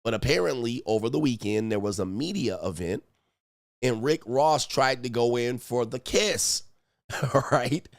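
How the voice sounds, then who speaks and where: A man hosting a casual reaction commentary, animated and profane, with laughing asides. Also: mid-range voice, unhurried, dry recording, clean studio sound. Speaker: commentary channel host.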